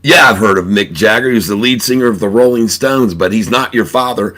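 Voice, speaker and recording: A man's voice: on the low side, fairly quick, fairly bright tone, lightly acted. A man doing a skeptical lady loan officer. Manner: doubtful, polite but firm.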